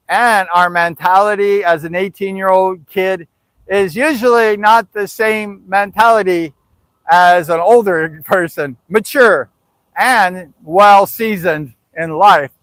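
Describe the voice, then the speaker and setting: An older man telling a rambling, chatty story in a casual livestream, animated when he quotes others. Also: sits high, no room sound, low-quality recording. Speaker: host.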